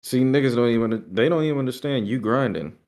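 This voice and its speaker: A man co-hosting a podcast in casual chat, reacting quickly with slang and swearing. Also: mid-range voice, a little mellow, a little hiss or hum. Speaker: podcast co-host.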